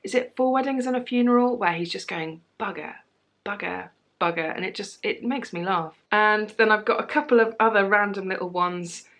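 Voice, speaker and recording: A young British woman with a British accent chatting casually to camera in a tag video, lively and quick to laugh. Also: medium pitch. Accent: British English. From Britain. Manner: chatty and animated, laughs easily. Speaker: vlogger.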